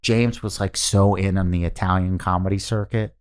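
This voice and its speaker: A man's voice: low voice, fairly even intonation, normal speed, clear, resonant tone. A man who does stand-up, telling a rambling story as a podcast guest and breaking into laughter as he goes. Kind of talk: casual storytelling.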